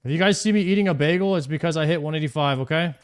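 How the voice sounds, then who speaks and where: A man's voice: a little high, racing, smooth. A man streaming a video game live, chatting casually and thanking viewers by name.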